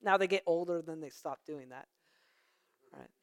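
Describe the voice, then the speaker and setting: A pastor preaching a conversational sermon, with playful asides to the congregation. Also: male voice, a little high, moderate pace.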